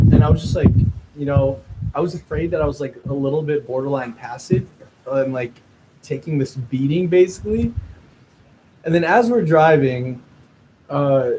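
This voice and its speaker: A man's voice: medium pitch, brisk, a little hiss or hum, low-quality recording. Rambling man telling a story. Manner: lively, rambling anecdote with many fillers. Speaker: guest. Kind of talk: casual storytelling chat.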